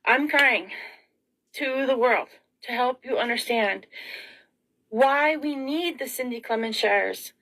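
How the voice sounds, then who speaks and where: A woman's voice: fairly high pitch, slow pace, sharp tone, poor audio. A middle-aged woman vlogging in an emotional, rambling monologue, frazzled and tearful, sighing and asking rhetorical questions.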